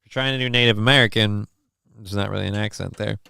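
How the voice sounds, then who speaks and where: A man hosting a live stream in a low, smooth and clear voice, reading out viewer messages in a deadpan ramble full of ums and uhs. The sound is close and dry with no room around it. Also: fast talker, no room sound. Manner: rambling and deadpan with many fillers. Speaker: live-stream show host.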